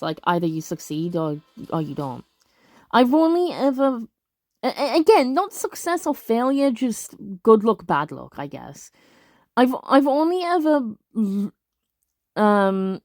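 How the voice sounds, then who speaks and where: Young woman, casual let's-play commentary, rambling and animated; dry close mic with soft music. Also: fairly high pitch, no room sound. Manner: chatty, rambling, many fillers and restarts. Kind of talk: casual game commentary and reading aloud.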